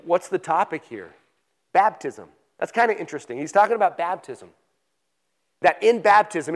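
A pastor with a notably high voice delivers a relaxed, conversational sermon. He reads scripture aloud slowly and with emphasis, then explains it in everyday words.

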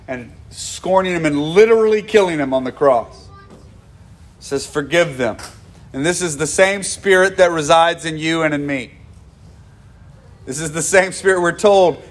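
A male pastor delivering a sermon in an earnest voice, repeating phrases for emphasis and often restarting his sentences. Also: on the high side.

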